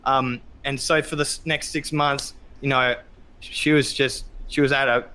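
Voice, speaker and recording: A man, talking as a guest, sharing a personal story openly with many ums and loud acted-out quotes. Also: mid-range voice, flat delivery, moderate pace, clean tone. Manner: open, reflective, many ums, acts out quotes loudly. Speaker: podcast guest. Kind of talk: candid conversational storytelling.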